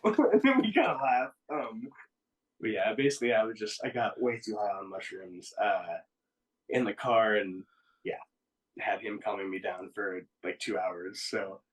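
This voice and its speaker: A man's voice: medium pitch, normal speed, distant mic, low-quality recording. A man in a band telling a tour story in casual podcast chat, laughing and acting out quotes with a raised voice. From Oklahoma. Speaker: band member, guest.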